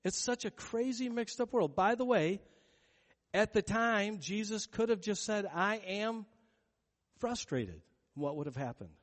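A man's voice: high-pitched, expressive, normal speed. A male pastor preaching a sermon in a casual, conversational way, retelling a story and acting out the quotes of its characters. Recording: long reverb of a large hall.

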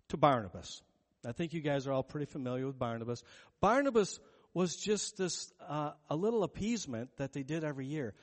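A man's voice: on the high side, a little mellow. A male pastor preaching a sermon in a casual, conversational way, retelling a story and acting out the quotes of its characters. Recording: long reverb of a large hall.

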